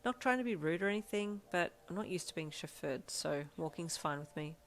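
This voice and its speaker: A woman's voice: on the low side, lively intonation, a little fast, a little hiss or hum. A woman playing a casual, slangy young woman.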